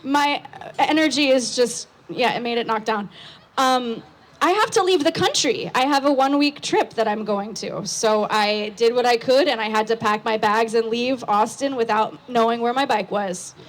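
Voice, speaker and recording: Young woman, high voice, loud excitable live storytelling, outdoor patio stage mic. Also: normal speed. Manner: loud, excitable, talks with lots of fillers.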